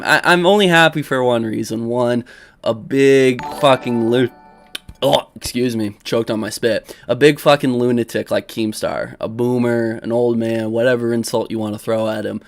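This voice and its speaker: A man's voice: mid-range voice, moderate pace, gravelly. A young man hosting a livestream, rambling, laughing often and defending himself in an argument. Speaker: livestream host. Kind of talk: casual livestream commentary.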